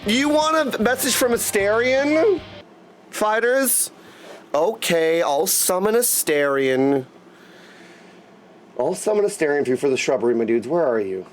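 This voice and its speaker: A man streaming a video game, chatting casually and excitably with his chat and rambling as he calls them "my dudes". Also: high-pitched, a little slow, pauses often, a little hiss or hum.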